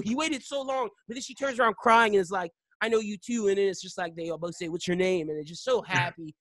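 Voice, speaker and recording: Animated high-voiced male podcast host. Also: fast talker, few pauses, dry recording. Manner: animated retelling of scenes, swinging loud and soft. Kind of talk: casual chat.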